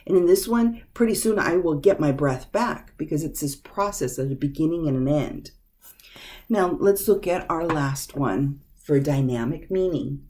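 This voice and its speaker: A woman teaching an English grammar lesson, speaking patiently and deliberately and repeating each example sentence. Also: low voice, darkish tone. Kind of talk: slow, clear grammar lesson.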